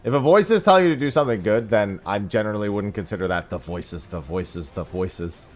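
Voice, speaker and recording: A man's voice: on the low side, fast talker, soft background music. A man streaming an online game and chatting casually with viewers, sarcastic and swearing now and then. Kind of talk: casual chat while gaming.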